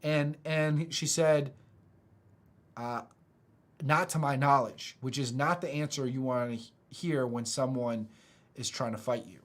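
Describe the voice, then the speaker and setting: A man from the United States, a motivational speaker, talking casually online in an earnest, halting way with many restarts. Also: mid-range voice, steady tone.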